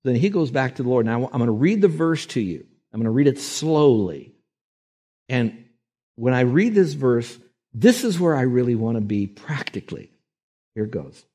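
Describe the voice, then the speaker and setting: Man preaching with animated delivery. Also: mid-range voice, moderate pace. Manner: animated, acts out voices in quotes. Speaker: pastor. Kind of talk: sermon.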